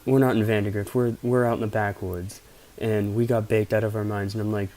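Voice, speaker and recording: A man's voice: mid-range voice, steady tone, moderate pace, warm tone. A young man from Pennsylvania casually telling rambling, profane stories as a vlogger. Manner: rambling, profane, laid-back anecdotes. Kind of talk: casual storytelling.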